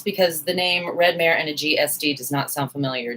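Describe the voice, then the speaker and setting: This woman, in her forties, speaks quickly in a low, sharp voice with fairly even intonation and hardly any pauses, and the audio is poor. She's livestreaming from her home sewing room with a fan running, chatting with viewers and joking about herself as she sews.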